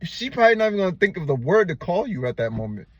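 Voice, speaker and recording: Blunt, profane, higher-voiced male vlogger. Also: sing-song, very fast, no echo, highs cut off. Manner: blunt, profane, slangy, addresses viewer as "man" and "bro". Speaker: relationship advice vlogger. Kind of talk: unscripted advice monologue.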